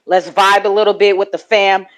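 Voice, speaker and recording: A woman's voice: medium pitch, level tone, moderate pace, low-quality recording. A woman hosting a live audio chat room, talking in a slangy, profane, joking, laid-back way. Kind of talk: casual chat.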